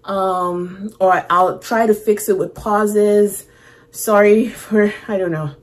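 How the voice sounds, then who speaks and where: A woman's voice: medium pitch, steady tone, slow pace. A woman hosting a music reaction video, chatting playfully, reading lyrics aloud and laughing. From Canada. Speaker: music reaction channel host. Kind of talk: casual music reaction chat.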